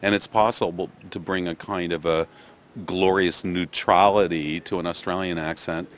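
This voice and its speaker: A man's voice: deep voice, steady tone, moderate pace. An older man with a Canadian accent, a theatre director answering interview questions thoughtfully, with many restarts and fillers. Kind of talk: press interview.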